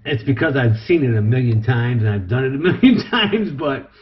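A man keeping snakes, talking through a casual how-to vlog in an excitable, chatty way. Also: mid-range voice, normal speed, a little hiss or hum. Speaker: snake keeper. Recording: echoey room, dull lo-fi sound.

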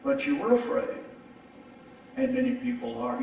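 A man's voice: extremely high pitch, level tone, normal speed, vocal fry, dull audio. A middle-aged man preaching a sermon as pastor, talking conversationally and often repeating his words as he restarts. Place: large church sanctuary. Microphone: distant from the mic. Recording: echoey church hall from far off.

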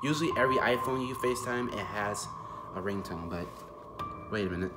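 A man hosting a scripted prank vlog, talking excitedly and fearfully to his viewers. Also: on the low side, fairly quick. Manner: excitable, frightened, addresses the viewers. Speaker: vlogger. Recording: echoey room with loud background music.

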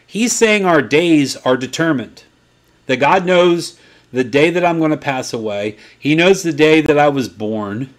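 A man in his fifties teaching from the Bible in a sermon style, swinging between quiet asides and excited high points. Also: measured pace. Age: 50s. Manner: animated, swings from low asides to excited peaks.

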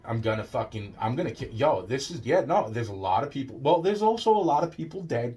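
A man delivering a rambling, profane monologue that swings between loud outbursts and low muttering. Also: animated, fairly quick, few pauses, slight background noise.

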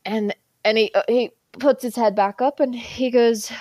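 Female guest, hypnotherapist, lively anecdotal storyteller who laughs often, dry close sound. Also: a little high, normal speed, no echo. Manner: laughs often, animated retelling with quoted voices. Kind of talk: casual storytelling chat.

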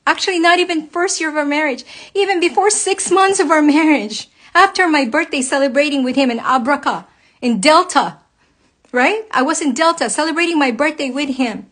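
High-voiced, profane woman. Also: a bit bright. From United States. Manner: blunt, heavily profane, impassioned. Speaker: vlogger speaking to viewers. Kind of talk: emotional personal rant.

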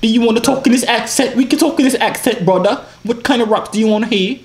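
A man's voice: very high voice, fast talker, reverberant, pitched above the performer's own voice. A young man putting on an exaggerated, clumsy London accent as a cocky, playful bloke. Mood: teasing. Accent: put-on London accent.

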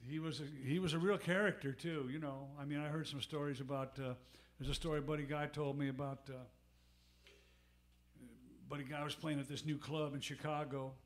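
Man, bandleader, rambling stage anecdote, casual asides, slightly high voice, live club stage mic. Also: flat delivery, fairly quick. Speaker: bandleader and harmonica player. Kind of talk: storytelling between songs at a live gig.

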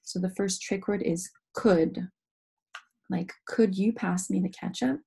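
A woman's voice: medium pitch, steady tone, a little slow, vocal fry, warm tone, breathy edge. A young adult woman teaching an online phonics lesson, explaining each step patiently.

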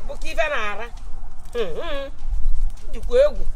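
Fast, scolding Nigerian woman. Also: on the high side, big pitch swings, noisy background. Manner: loud, scolding, mixes Pidgin and Igbo. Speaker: title comedy character. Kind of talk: comic skit.

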